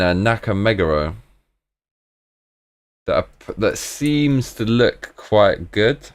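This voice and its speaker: A British man hosting a live stream in casual, rambling chat, often breaking into excited exclamations. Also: fairly low pitch, takes it slowly, pauses often, no room sound.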